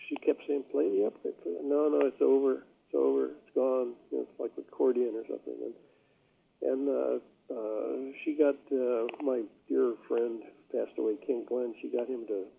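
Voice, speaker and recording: An older man reminisces at an easy, wandering pace, full of fillers and restarts. His voice is gravelly and a bit husky. The sound comes through a thin, phone-like line. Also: mid-range voice. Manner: rambling storyteller with many fillers. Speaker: jazz bassist, guest. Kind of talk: casual interview talk.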